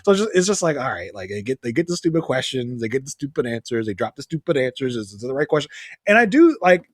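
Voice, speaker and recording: A man's voice: mid-range voice, sing-song, fast, dry recording, clean studio sound. A man guesting on a podcast, chatting casually and animatedly, often exasperated and mimicking people. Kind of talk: casual recap chat.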